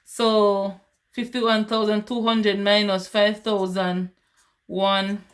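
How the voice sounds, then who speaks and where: A woman with a Caribbean English lilt walks viewers through math on a relaxed livestream. Her voice sits at an ordinary middle pitch. The sound carries a roomy echo from a room at home. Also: takes it slowly. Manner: chatty, talks to viewers and answers chat. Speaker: math tutor. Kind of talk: casual livestream lesson.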